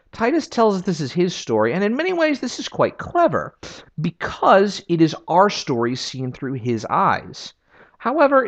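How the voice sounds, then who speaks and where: Opinionated male video essayist, lively and chatty, recorded lo-fi. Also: mid-range voice. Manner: opinionated and conversational. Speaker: video game history reviewer. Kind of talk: casual video essay commentary.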